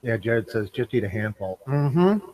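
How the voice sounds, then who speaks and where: A man's voice: mid-range voice, big pitch swings, unhurried, highs cut off, slight background noise. A man hosting a casual live stream, taste-testing candy and talking between mouthfuls. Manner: eats candy on camera, apologizes for chewing.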